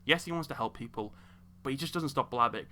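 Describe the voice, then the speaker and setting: A man's voice: medium pitch, quick pace, pushed and bright. A young man ranting in exasperation about video game characters, scolding them directly. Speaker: video host.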